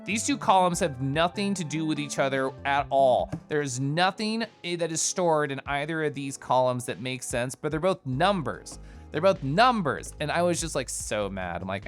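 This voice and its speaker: A man's voice: fairly high pitch, normal speed, soft background music. Chatty man ranting on a stream. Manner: animated storytelling with mocking quoted voices; laughs often while talking. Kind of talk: casual stream chat.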